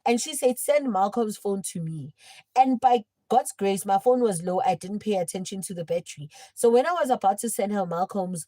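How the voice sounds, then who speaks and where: A young woman livestreaming, telling a personal story in casual chat and swinging between hushed and loud. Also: mid-range voice, brisk, hardly any pauses, no room sound, poor audio.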